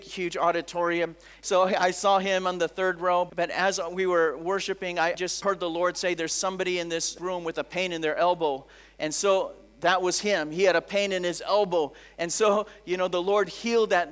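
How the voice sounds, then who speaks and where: A middle-aged man preaching a sermon as a pastor, telling stories in an animated way, often saying "come on" and acting out the voices of people he quotes. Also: high voice, smooth. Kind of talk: sermon with storytelling.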